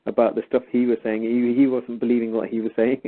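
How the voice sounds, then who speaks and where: Man, mid pitch, lively anecdote, quoting both sides, tinny phone line. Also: fast. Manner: animated retelling, quoting both sides of a dialogue. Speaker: guest telling a story. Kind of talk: casual storytelling on a call-in show.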